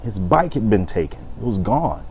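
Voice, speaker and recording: Lively man telling a story. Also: lowish voice, normal speed, a little hiss or hum. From South Side of Chicago. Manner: lively storyteller, acts out quotes. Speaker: host. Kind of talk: storytelling talk.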